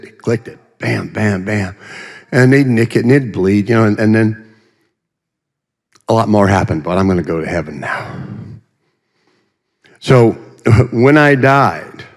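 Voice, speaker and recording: A guest speaker gives his testimony from the front of a church sanctuary, his fairly low, darkish voice trailing into a long hall reverb. He speaks at normal speed in a folksy, storytelling way, full of humorous asides and vivid images.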